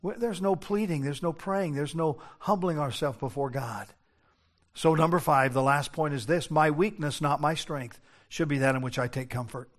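An older man, a pastor, preaching a sermon earnestly, moving between hushed low passages and raised urgent ones. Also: normal speed.

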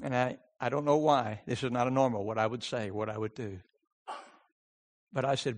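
A man preaching a sermon, swinging from shouted pleading to hushed storytelling. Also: mid-range voice, steady tone, moderate pace, pauses often. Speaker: pastor.

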